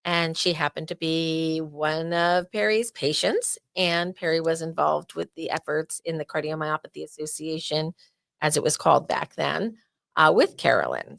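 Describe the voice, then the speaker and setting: A woman's voice: fairly low pitch, gravelly, a bit bright, no echo, studio quality. A woman with a New Jersey accent hosting a casual podcast interview, chatty and joking with loose asides. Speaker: podcast host.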